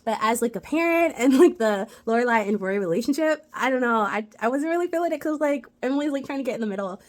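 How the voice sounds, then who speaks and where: A woman's voice: on the high side, expressive, fast talker. A woman giving a casual, chatty recap of a TV episode, retelling it with lots of "like" fillers. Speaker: TV rewatch reviewer.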